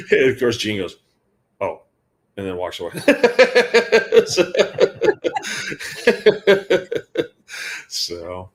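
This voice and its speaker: His voice is low and a bit bright, at normal speed, with frequent pauses. The guitar tech guest tells casual backstage stories in a rambling way, full of quoted dialogue and laughter.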